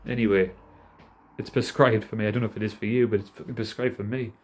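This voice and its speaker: A man's voice: fairly low pitch, steady tone, fast. A man in his thirties with a Geordie accent, rambling casually and self-deprecatingly to camera, swearing a lot. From North East England. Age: 30s. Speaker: vlogger.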